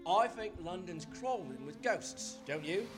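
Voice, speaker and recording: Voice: mid-range voice, animated, unhurried, close to an everyday voice. A performer playing a cheerful, boastful Cockney comedian with a carriage in a stage radio play, with music behind. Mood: jovial. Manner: jovial, hearty chuckling.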